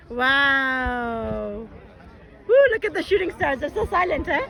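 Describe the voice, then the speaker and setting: A woman's voice: sits high, sing-song, takes it slowly, gravelly, rough recording. A woman vlogging live at an outdoor fireworks show, exclaiming and whooping and calling out to her husband while she films on her phone. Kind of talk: excited live vlog chatter. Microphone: handheld phone camera. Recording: phone audio with loud fireworks behind. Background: fireworks bangs and crowd noise.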